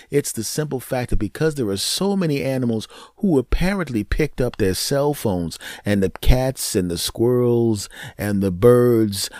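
A male podcast host tells a comic story as a jokey solo monologue. His delivery is animated, with his pitch swinging up and down as he goes. The recording is dry and close, with no room sound. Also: no room sound.

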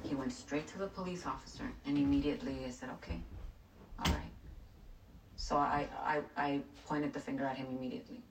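Woman, very low voice, emotional, distant mic, loud music. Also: fairly even intonation, fast talker, few pauses, noisy background. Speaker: sister of missing woman. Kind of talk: documentary interview.

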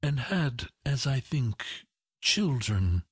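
A man doing a gentle ghostly spirit. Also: mid-range voice, big pitch swings, takes it slowly, husky, no room sound, clean studio sound, pitched above the performer's own voice, heavily acted. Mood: grave. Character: gentle spirit, soft-spoken and grave.

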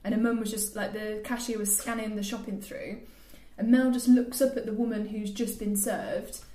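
A woman's voice: mid-range voice, steady tone, normal speed, warm tone. A young woman in casual chat, telling anecdotes and laughing along. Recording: echoey room.

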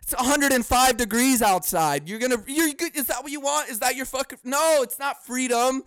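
A man rants alone on his podcast in a high, smooth voice, swearing freely. He swings from loud mock outrage to low, muttered asides and laughs at his own jokes. The close mic keeps the sound dry. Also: moderate pace, no echo. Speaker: podcast host. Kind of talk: casual solo podcast rant.

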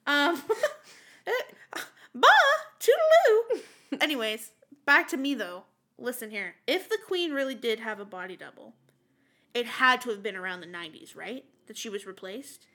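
Woman podcast co-host, bright and lightly high voice, giggly, rambling. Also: lively intonation, moderate pace. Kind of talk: casual chat.

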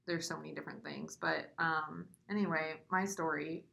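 Bright-voiced young woman telling a story. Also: low voice, steady tone, normal speed, vocal fry. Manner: chatty, filler-heavy, laughing through her story. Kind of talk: casual storytelling chat.

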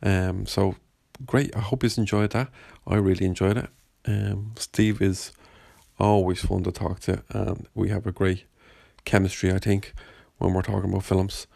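A man's voice: sits low, level tone, moderate pace, gravelly, mellow, no echo. A man hosting a podcast, chatting casually and rambling in a self-deprecating way. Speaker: podcast host. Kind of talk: casual chat.

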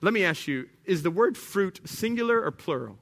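A man preaching a sermon as a pastor, conversational and animated, acting out little scenes. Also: high voice, normal speed, gravelly.

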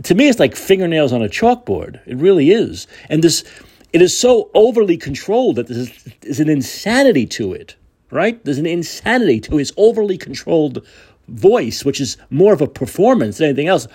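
A man's voice: mid-range voice, a little mellow, husky. A male host delivering a heated political commentary monologue, ranting emphatically, repeating phrases and restarting sentences.

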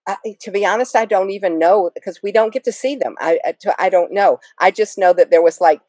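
A woman's voice: mid-range voice, a little fast, a little mellow, no room sound. A woman actress guest talking casually in an interview, rambling with many fillers and small laughs.

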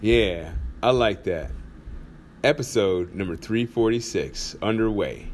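A man's voice: lowish voice, takes it slowly, a little hiss or hum. A man hosting his own podcast from a studio, talking casually, using slang and laughing often. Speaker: podcast host.

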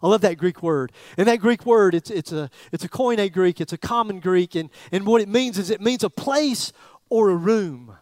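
A middle-aged man preaching a sermon as pastor, in a chatty, joking way with pauses and repeated phrases. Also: sits high, a little mellow, no room sound.

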